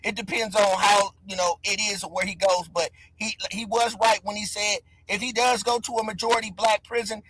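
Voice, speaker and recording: A man's voice: high-pitched, flat delivery, a little fast, few pauses, fairly bright tone, rough recording. A man hosting a casual livestream chat, talking loosely and hyping up his viewers. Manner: loose, conversational, hypes the chat. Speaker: livestream host.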